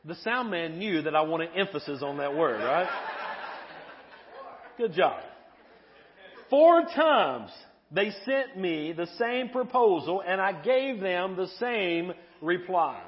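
A male pastor with a fairly high voice preaches to his congregation in a church. He is animated and playful, and he keeps putting questions to the listeners. The recording sounds somewhat dull and muffled. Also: a little slow. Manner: playful humor. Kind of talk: sermon.

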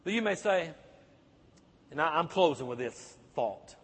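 A man's voice: fairly high pitch, expressive, unhurried, fairly bright tone, husky. A man preaching a sermon, pressing the congregation with emphatic rhetorical questions. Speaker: pastor. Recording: echoey hall, long reverb.

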